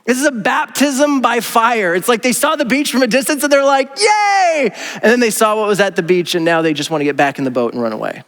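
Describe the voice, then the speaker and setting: A man, a pastor preaching a casual, animated sermon and acting out the voices he quotes. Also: high voice, fast, few pauses, big-room sound. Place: church auditorium.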